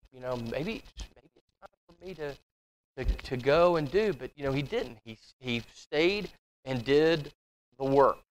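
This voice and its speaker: A fairly high-voiced man leads a church Bible study, talking it through conversationally. He stops to read scripture aloud, then explains it, often repeating words and restarting. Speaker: Bible class teacher. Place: church classroom.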